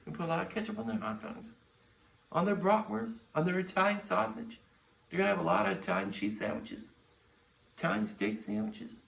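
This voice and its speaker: Man, brash and profane, casual sports picks, higher voice, far from mic, roomy echo. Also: expressive, a little fast, vocal fry, fairly bright tone. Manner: brash, profane, hyping his teams. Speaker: podcast host. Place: bar lounge. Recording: echoey room, mic at a distance.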